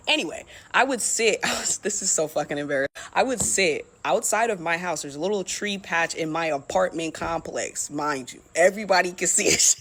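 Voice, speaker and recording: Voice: medium pitch, a bit bright. A speaker telling a personal story in a candid, casual way, swearing often and laughing at themself.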